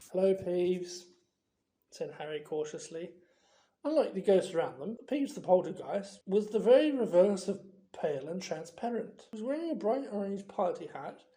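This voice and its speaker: A reader narrating an audiobook in a slow, expressive storytelling manner. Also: mid-range voice, roomy sound, low-quality recording.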